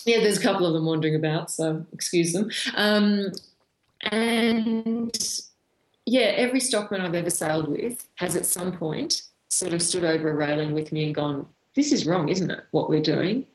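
A woman's voice: fairly low pitch, moderate pace. An Australian woman, a veterinarian guest, frankly telling stories from her work in an interview, with many fillers and restarts. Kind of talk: conversational storytelling interview. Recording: roomy echo.

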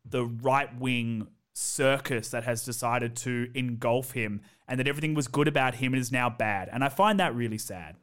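A man's voice: medium pitch, smooth. Opinionated man hosting a podcast. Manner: opinionated, animated speeding up and slowing down. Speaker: podcast host. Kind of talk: casual podcast chat.

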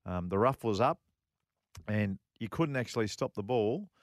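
A middle-aged man rambles through a story on a golf chat show, circling back and repeating himself as he goes. His voice sits fairly low, and the sound is close and dry, with no room around it. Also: animated, normal speed, dry recording. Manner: rambling, repeats phrases, many fillers. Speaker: co-host and former pro golfer. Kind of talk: casual radio chat, storytelling.

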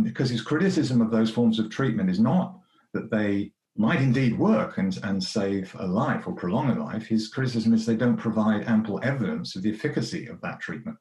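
UK philosopher, measured and hesitant, low voice, echoey room. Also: male voice, a little mellow. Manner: measured, hesitant, with many fillers and restarts. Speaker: philosopher on a conference panel. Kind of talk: conference debate.

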